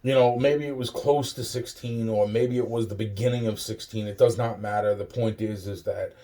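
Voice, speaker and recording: A man's voice: on the low side, steady tone, moderate pace, mellow. A young man rambling to camera in a profane, laughing monologue full of restarts. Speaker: vlogger.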